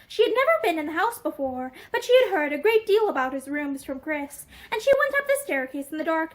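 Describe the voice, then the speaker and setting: Very high-voiced woman reading a novel. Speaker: narrator. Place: indoors, room with bookshelves.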